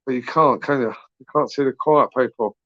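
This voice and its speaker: A British man with a medium-pitched, brisk voice hosts a late-night live stream on his YouTube channel, rambling casually in slangy British English. He swears freely and tacks tag questions onto his sentences. The recording is dry and the audio dull.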